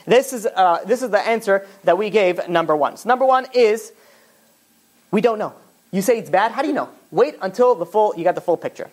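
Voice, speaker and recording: A rabbi giving a Torah class, telling stories in an animated, casual way full of fillers. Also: male voice, high-pitched, fairly quick. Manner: animated storytelling, casual filler-heavy talk. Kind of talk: Torah class lecture with storytelling.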